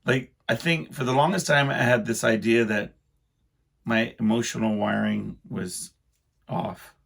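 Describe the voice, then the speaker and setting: A middle-aged man hosting a podcast, rambling through a casual solo monologue in a self-deprecating way, full of halting restarts. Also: mid-range voice, steady tone, gravelly, a bit bright. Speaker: podcast host.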